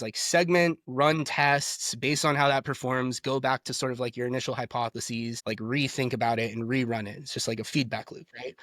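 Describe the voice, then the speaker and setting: Guy on a podcast talking super fast, says like a lot, dry close sound. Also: mid-range voice, no room sound. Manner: fast, animated, heavy use of "like". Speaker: guest, sales entrepreneur. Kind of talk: casual podcast conversation.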